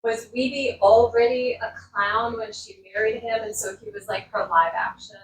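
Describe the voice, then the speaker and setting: A woman's voice: a little high, steady tone, moderate pace, far from the mic. Woman, wry side comments, heard off-mic in a roomy space with light noise. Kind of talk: casual chat.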